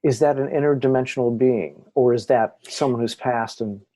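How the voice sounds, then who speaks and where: Guest storyteller, husky and dark-toned, animated, voices every quote. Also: mid-range voice, normal speed, no echo. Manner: animated, acts out quoted voices, frequent restarts. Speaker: guest telling haunting stories. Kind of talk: conversational storytelling interview.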